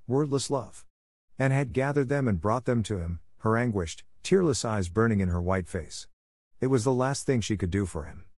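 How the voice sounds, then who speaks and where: Calm, low-voiced male narrator. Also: no room sound, studio quality. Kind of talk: scripted audiobook narration.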